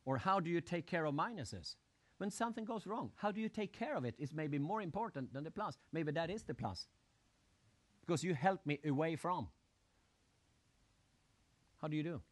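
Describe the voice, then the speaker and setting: Animated male seminar speaker. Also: on the high side. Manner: animated, acts out crowd shouts and questions the audience. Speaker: motivational speaker. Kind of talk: live seminar talk.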